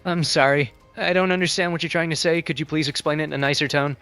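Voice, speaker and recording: A cheerful, polite synthetic AI assistant voice that chats in a smooth, upbeat way. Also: medium pitch, fairly even intonation, fast, a bit bright, soft background music, close to an everyday voice. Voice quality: smooth synthetic text-to-speech voice. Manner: polite, upbeat, forgetful suggestions. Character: cheerful chatty AI building assistant.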